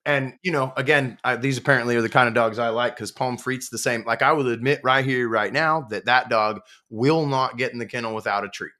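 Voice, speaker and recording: A man's voice: mid-range voice, fairly quick, few pauses, sharp tone. A man talking casually as a podcast guest, easygoing and chatty, tossing in "dude" and "y'all". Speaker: podcast guest, dog business owner.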